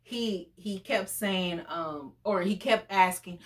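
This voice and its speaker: A woman in her forties shares a personal story in a chatty vlog, her speech conversational and packed with fillers. Her voice sits at a medium pitch, and she takes her time while barely pausing.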